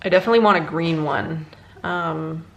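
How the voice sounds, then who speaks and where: A young woman, a beauty vlogger, chatting casually through a makeup tutorial, rambling and halting, emotionally worn out. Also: sits low, creaky, slight background noise. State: emotionally exhausted.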